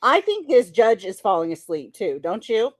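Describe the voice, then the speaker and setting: A woman co-hosting a casual podcast chat about a court case, talking in a giggly, animated way. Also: mid-range voice, moderate pace, no echo. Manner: giggly, animated, breaks into laughter. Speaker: podcast co-host.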